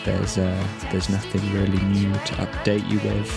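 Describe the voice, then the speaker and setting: Very deep-voiced laid-back male podcast host. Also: completely flat delivery, normal speed, vocal fry, loud music behind the voice. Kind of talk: casual interview chat. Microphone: video call.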